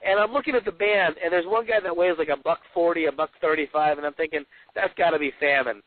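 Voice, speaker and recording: A man's voice: a little high, steady tone, quick pace, no echo. A man, the author guest, chatting casually and reading excerpts aloud with folksy, rambling asides. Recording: dry tinny phone-like line.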